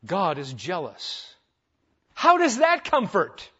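A male pastor delivers a conversational sermon, tossing out rhetorical questions and humorous asides. His voice sits a little high for a man. The recording is dull and lo-fi. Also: wildly swooping pitch, takes it slowly, a bit bright, slightly rough.

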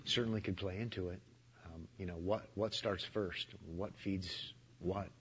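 A man with a fairly low voice talks bluntly and thinks aloud in an interview, dropping in dry humor. The recording sounds muffled, with a faint hiss underneath. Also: steady tone, normal speed, fairly bright tone. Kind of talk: conversational radio interview.

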